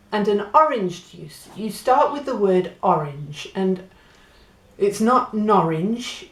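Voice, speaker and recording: A woman's voice: mid-range voice, reverberant. A woman from Great Britain giving a patient spoken language lesson, spelling out and repeating words. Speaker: Spanish teacher.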